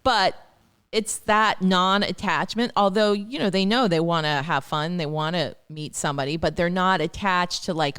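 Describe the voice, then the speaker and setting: A woman astrologer giving dating advice as a podcast guest, chatty and animated, acting out what her clients say. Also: fairly low pitch, moderate pace, clean tone. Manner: chatty, acts out clients' words. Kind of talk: podcast interview, advice talk.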